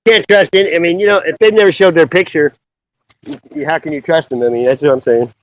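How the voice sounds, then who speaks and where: A man's voice: a little high, quick pace, poor audio. A man walking along with the host, adding short remarks and agreeing now and then.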